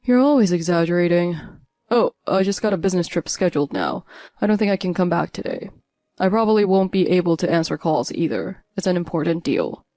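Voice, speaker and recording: A woman's voice: on the low side, animated, brisk, warm tone, no echo. A woman voicing a cold, dismissive husband who answers in a curt, annoyed way. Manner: curt, annoyed, brushes off pleas. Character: cold dismissive husband, middle-aged man.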